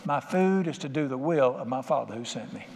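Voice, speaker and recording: An older man preaches as pastor in a church sanctuary, his mid-range voice expressive, brisk, gravelly, and darkish in tone. He speaks in a folksy, conversational manner and acts out quotes in plain voices, with the reverberant hall adding faint ambience.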